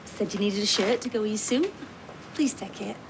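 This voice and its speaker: A woman's voice: mid-range voice, normal speed, natural voice. An actress, playing a chatty, grateful woman who teases and laughs easily. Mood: friendly. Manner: warm, teasing, laughing often. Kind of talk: TV soap acting. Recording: noisy background.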